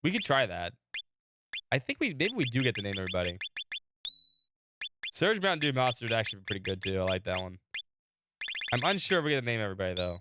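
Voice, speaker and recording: A man with a sore throat, recovering from illness, chats casually on a live game stream and reads the game's story text aloud. He talks to chat between readings and laughs often. His mid-range voice is sing-song and fast with long pauses, and there's background noise.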